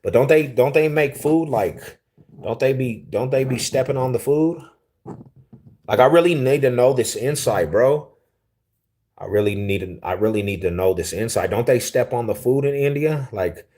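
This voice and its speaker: Laid-back young man, low voice. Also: animated, normal speed, a little mellow. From Denver, Colorado, US. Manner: laid-back, slangy, easily amused. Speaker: livestream host. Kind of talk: casual livestream chat reading viewer comments.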